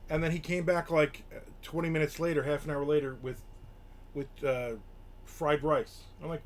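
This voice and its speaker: Fairly high-pitched and a little fast, with fairly even intonation, an older man streams from his home room. It's casual chat as he grumbles through a story, voicing the quotes himself.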